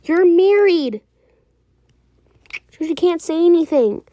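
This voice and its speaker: A woman voicing a young husband who gently reassures his wife and keeps repeating himself, in an amateur role-play drama. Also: mid-range voice, moderate pace, dry recording, natural voice. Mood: reassuring. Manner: soothing, insistent, repeats himself.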